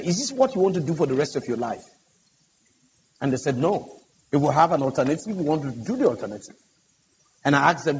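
A man's voice: a little high, darkish tone. A man, a pastor on a conference panel, telling a story earnestly and emphatically, acting out the dialogue. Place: large conference hall. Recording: dull, echoey conference hall audio with hiss.

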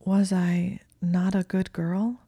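A reader puts on a dazed, pleading young witch in an audiobook. She speaks slowly and meekly, like a child, in a slightly raised, mellow voice with a dry, close sound. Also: medium pitch, level tone, breathy edge, no room sound, voice pushed up. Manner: slow, meek and childlike. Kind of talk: audiobook reading.

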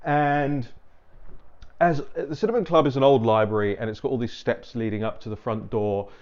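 British male commentator, casual wry monologue, dull recording, mid pitch. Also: moderate pace, a little mellow. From Britain. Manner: rambling, wry asides. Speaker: political commentator.

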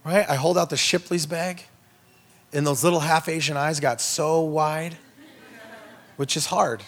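Man, guest minister, humorous storytelling sermon, asides to the crowd, fairly high, gravelly. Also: steady tone, a little slow. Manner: jokey storytelling with asides to the audience. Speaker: itinerant minister, guest speaker.

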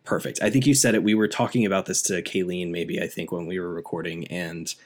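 A man with a fairly low voice talks through a film on a podcast in loose, enthusiastic chat. He rambles, laughs often, and stacks up questions as he goes. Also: fairly even intonation, brisk. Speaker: podcast co-host. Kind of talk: casual movie review chat.

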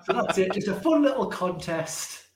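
A man's voice: high voice, lively intonation, normal speed, reverberant. A man co-hosting a casual podcast, joking and self-deprecating. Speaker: podcast co-host.

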